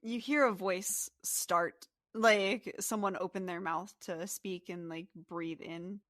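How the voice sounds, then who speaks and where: A woman narrating a tabletop game as game master in a descriptive, softly paced way. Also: on the low side, fairly even intonation, takes it slowly, no echo, studio quality.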